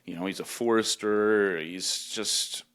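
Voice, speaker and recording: Newfoundland man telling a story, low voice. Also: steady tone, measured pace, a bit bright, smooth. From Newfoundland, Canada. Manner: emotional storytelling, voices his mother in a high pitch. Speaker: podcast co-host. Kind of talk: casual podcast chat.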